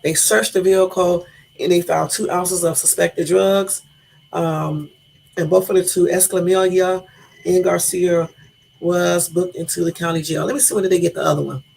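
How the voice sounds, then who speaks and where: A woman's voice: on the low side, steady tone, normal speed, vocal fry, a little mellow, slight background noise. A woman hosting a casual live stream, chatty, laughing at her own stumbles and talking to her viewers directly, with a Californian accent. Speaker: livestream host.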